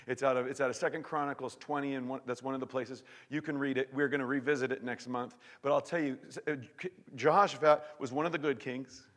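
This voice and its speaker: A male pastor preaching a sermon in an animated, emphatic way, often repeating and restarting his words. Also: medium pitch, fast talker, hardly any pauses, in a large hall. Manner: animated, emphatic preaching with sudden shouts and drops to near-whisper.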